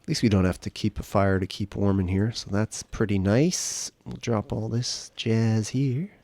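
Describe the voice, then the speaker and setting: A male streamer chats casually through a survival game, cracking jokes at the characters he finds. His voice is gravelly and mellow, and the recording is dry and close with no room sound. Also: fairly low pitch, steady tone, normal speed, no echo. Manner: joking, chatting to characters in the game. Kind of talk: casual live game commentary.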